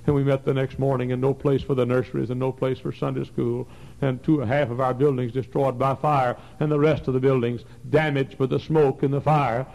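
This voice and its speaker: A man in his forties preaching a fervent sermon in a church, his voice swinging from soft passages to loud, high bursts. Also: little pitch movement, brisk, gravelly, rough recording. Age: 40s. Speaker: pastor. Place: church sanctuary.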